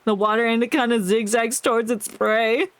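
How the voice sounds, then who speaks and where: A streamer chats casually over a game, reading text aloud and joking. The sound is dry and close, at a mid pitch. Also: steady tone, normal speed, a bit bright, smooth, no room sound. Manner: jokey, reads dialogue aloud, laughs often. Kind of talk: casual gameplay commentary.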